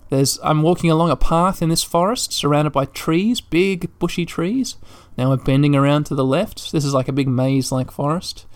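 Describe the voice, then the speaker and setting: A man's voice: on the high side, no room sound. Man narrating a video game playthrough. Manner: describes the screen aloud as he plays, thinking out loud. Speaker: gameplay commentator. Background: faint game music.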